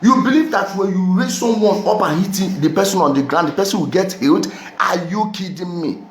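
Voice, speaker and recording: A man's voice: sits high, brisk. A Nigerian man delivering a heated vlog rant, firing off repeated rhetorical questions. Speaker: vlogger. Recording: roomy echo.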